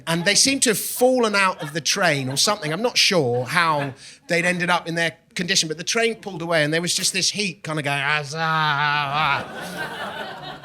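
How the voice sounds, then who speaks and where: Man, stand-up comedian, wry rambling storyteller, high very bright voice, club stage mic.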